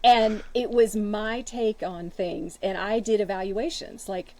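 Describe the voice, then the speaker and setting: A Texan woman with an easy twang, chatting as a podcast guest with bubbly enthusiasm. Her voice sits at a middling pitch. A faint hiss of background noise runs under her voice. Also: fairly even intonation, measured pace, warm tone, poor audio. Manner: bubbly, enthusiastic, drawling at times. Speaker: podcast guest, strengths coach. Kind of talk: casual chat.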